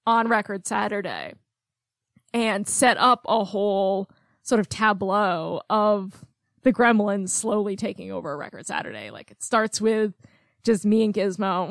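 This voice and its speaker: A woman's voice: mid-range voice, measured pace, creaky, no echo, clean studio sound. A woman co-hosting a casual film podcast, talking in a chatty way with frequent ums and light laughs. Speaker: podcast co-host.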